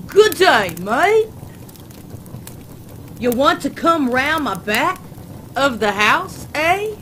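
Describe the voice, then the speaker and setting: A woman voicing a goofy adult man who talks in an exaggerated mock Australian accent, loud and high, with noisy background ambience. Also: sing-song, extremely slow, full character voice. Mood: hammy. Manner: loud, high, overdone and flirty. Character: goofy adult man doing a fake Aussie voice.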